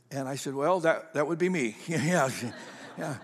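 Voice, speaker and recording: Male pastor, higher voice, folksy and conversational, church sanctuary with long hall echo. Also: moderate pace. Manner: folksy, conversational storytelling with frequent restarts. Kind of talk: sermon. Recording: long reverb of a large hall.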